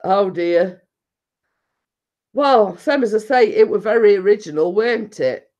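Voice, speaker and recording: A woman with a northern English accent chatting casually on a live stream, rambling and laughing often. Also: mid-range voice.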